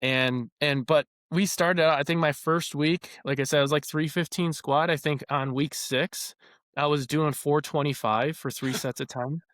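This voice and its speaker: A young man telling stories as a podcast guest in a casual, animated, rambling way with many fillers. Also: fairly high pitch, moderate pace, dry recording, clean studio sound. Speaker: former baseball player guest.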